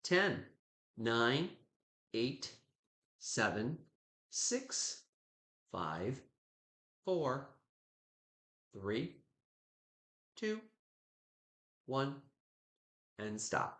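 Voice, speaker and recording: A man hosting a live online sale, chatting warmly with viewers and gushing over each item he shows. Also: medium pitch, big pitch swings, very slow, long pauses. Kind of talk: live online auction selling.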